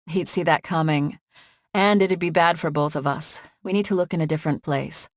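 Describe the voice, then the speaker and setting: A woman voicing a sharp, practical young heroine in an audiobook, speaking dry and matter-of-fact. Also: low voice, normal speed, no room sound, close to an everyday voice.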